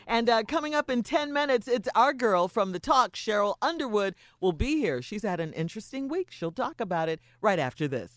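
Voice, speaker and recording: A woman's voice: a little high, very animated, brisk, hardly any pauses, a bit bright, a little hiss or hum. A woman co-hosting a morning radio show, upbeat and teasing while she steers the segments. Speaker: radio co-host. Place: radio studio.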